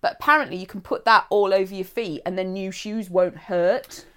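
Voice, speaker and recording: A woman's voice: medium pitch, steady tone, fairly bright tone, clean tone. A woman co-hosting a podcast, chatty and affectionate in casual conversation. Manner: affectionate, chatty, quick reactions and asides. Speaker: podcast co-host. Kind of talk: casual chat, storytelling.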